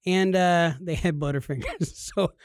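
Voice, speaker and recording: Man, podcast co-host, high pitch, acts out quotes, dry sound. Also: unhurried, no room sound. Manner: animated storyteller, acts out quotes. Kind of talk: casual podcast chat.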